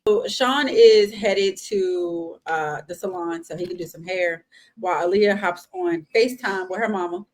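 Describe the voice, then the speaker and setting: Relaxed, laughing woman co-host. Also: medium pitch, measured pace. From United States. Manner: relaxed, laughing, supportive interjections. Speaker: podcast co-host. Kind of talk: casual recap chat.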